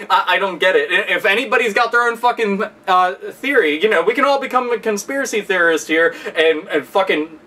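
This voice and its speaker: A man's voice: sits high, animated, fairly quick, hardly any pauses, bright, forceful tone, distant mic. Exasperated, foul-mouthed ranting man. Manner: heavy profanity, exasperated, sarcastic. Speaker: video host. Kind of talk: angry ranting commentary.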